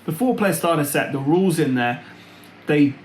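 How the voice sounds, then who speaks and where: Male vlogger, slightly high voice, rambling casual chat, roomy echo. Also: normal speed. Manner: chatty and meandering. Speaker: board game channel host. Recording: roomy, with loud fan hum. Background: loud fan noise.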